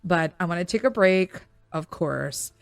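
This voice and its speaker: A woman in her thirties speaks in a low, gravelly voice, recorded close and dry with no room sound. She talks candidly and emotionally with plenty of fillers, her voice thick with tears. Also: expressive, a little slow, dry recording, soft background music. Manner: emotional, tearful storytelling with frequent fillers. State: crying. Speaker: podcast host. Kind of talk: personal reflective monologue.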